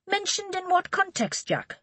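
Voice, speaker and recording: A blunt middle-aged detective presses with direct questions, as the woman narrator gives her voice. Her pitch moves in a lively way. The audiobook sound is dry and close. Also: measured pace, no room sound, exaggerated voice. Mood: probing. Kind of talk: audiobook character reading.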